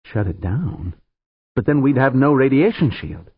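A man's voice: medium pitch, very animated, measured pace, breathy edge, no room sound, pitched above the performer's own voice. A man narrating an audiobook voices a wary, grumbling ship owner who growls his doubts. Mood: grudging. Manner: growling, grudging. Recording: narrow phone-like sound, dry.

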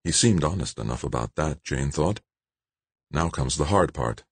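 Man narrating audiobook, extremely deep, husky, lively inflection, dry close sound. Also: normal speed, dry recording. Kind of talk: scripted narration.

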